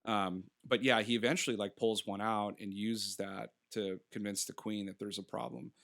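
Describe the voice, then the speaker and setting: A podcast co-host who sounds to be in his thirties chats through a film review in a casual, rambling way, laughing often and slipping into quick impressions of characters. His lowish voice is gravelly, bright and forceful, with a steady tone.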